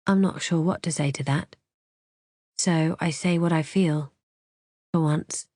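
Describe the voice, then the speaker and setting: Brief: woman narrator, first-person thriller audiobook, measured and tense, lower register, dry studio sound. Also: a little mellow, dry recording.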